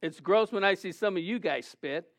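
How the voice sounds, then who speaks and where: A man preaching a sermon, animated and conversational, often acting out quotes in a raised voice. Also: high voice, normal speed, vocal fry. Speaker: pastor. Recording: dull lo-fi sound.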